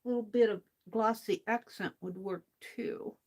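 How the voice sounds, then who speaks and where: A woman's voice: medium pitch, fairly even intonation. A woman hosting a crafting livestream, chatting casually and talking to herself while she works. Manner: slow, chatty, talks to herself while working.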